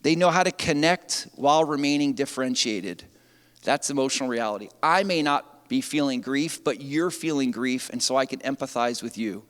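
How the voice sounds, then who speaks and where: A man preaching a sermon as pastor, animated and conversational. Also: medium pitch, moderate pace. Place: church sanctuary. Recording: long church reverb.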